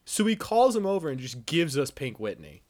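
A man's voice: on the high side, big pitch swings, normal speed, a crowd in the background. A young man hosting a podcast, telling a rambling, profane drinking story in casual chat. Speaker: podcast host.

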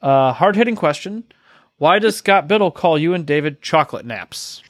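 Halting man hosting, dry sound. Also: a little high, lively intonation, a bit bright, no room sound. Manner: halting, many fillers, self-deprecating. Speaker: podcast host. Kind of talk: casual interview questions.

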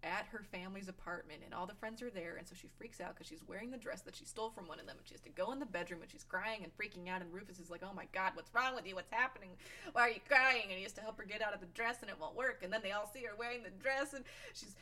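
A woman in casual chat recapping a TV show, animated and laughing, acting out quotes. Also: mid-range voice, rapid-fire, hardly any pauses. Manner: animated, laughing, acts out quotes in funny voices.

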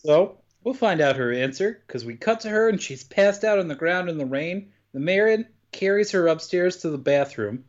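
A man casually recapping a horror film for a podcast, telling it in a lively, joking way and swearing freely. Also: moderate pace, hardly any pauses, lo-fi sound. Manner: animated storytelling with sudden pitch jumps, swears freely. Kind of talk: casual chat.

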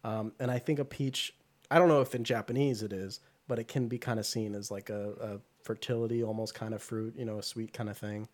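A man co-hosting a podcast, retelling a film in a loose, rambling way full of fillers and quick put-on voices. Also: on the low side, steady tone. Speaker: podcast co-host. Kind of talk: casual movie chat.

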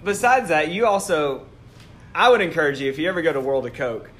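A man, co-hosting a podcast in casual chat, teasing and quick to laugh. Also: on the high side, big pitch swings, fairly bright tone. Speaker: podcast co-host.

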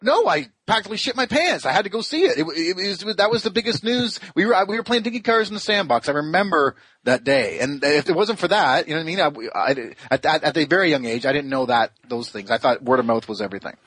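A man's voice: fairly high pitch, quick pace, few pauses, slightly rough, no room sound. A man co-hosting a podcast, telling stories in rambling casual chat with frequent restarts. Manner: rambling, animated storytelling with restarts. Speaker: podcast co-host.

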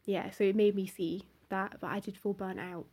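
A young woman speaks as a podcast guest in a husky, slightly breathy voice, at an ordinary pitch for a woman. She thinks aloud, circling back and trailing off between phrases. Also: steady tone, normal speed, dark tone. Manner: reflective, hesitant, trailing phrases. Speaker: session bassist guest. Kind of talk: casual podcast interview.

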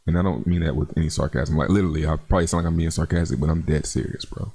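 A man with a very low, gravelly voice hosts a crypto livestream. He reads out viewer comments in a relaxed, chatty way, calling people man and bro. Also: very fast. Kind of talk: casual livestream chat reading comments.

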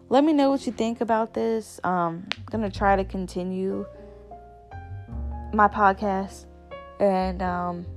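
A young woman talks straight into the mic for her own podcast, candid and loose, full of "um"s, "like"s and self-corrections. Her pitch sits in an ordinary middle range. Faint music plays softly behind her. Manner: chatty, candid, many fillers and restarts. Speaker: podcast host. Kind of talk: casual solo podcast chat.

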